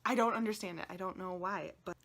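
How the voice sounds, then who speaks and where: A woman's voice: lowish voice, quick pace, fairly bright tone. A woman chatting casually to viewers in a vlog, emotional and close to tears, rambling and often dropping into a whisper. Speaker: tarot video creator.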